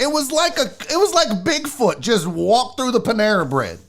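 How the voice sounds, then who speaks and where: A man's voice: very high voice, moderate pace, few pauses. A man hosting his own show, telling a comic story as a profane, sarcastic rant. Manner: animated, swearing, sarcastic. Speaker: sports show host.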